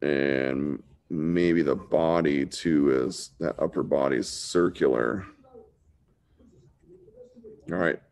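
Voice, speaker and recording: A man's voice: a bass voice, takes it slowly, creaky, pauses often, a little mellow. A man teaching a casual live online drawing lesson, laid-back and chatty, talking like a buddy. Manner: laid-back and chatty, says dude a lot. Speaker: drawing instructor.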